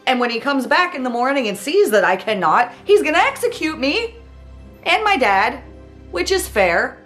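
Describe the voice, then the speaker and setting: Eine Frau spielt eine freche junge Maid. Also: female voice, high-pitched, very animated, moderate pace, fairly bright tone, faint music behind, voice pushed up. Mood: sassy. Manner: bubbly, sassy slang. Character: frantic young maiden, valley-girl sass.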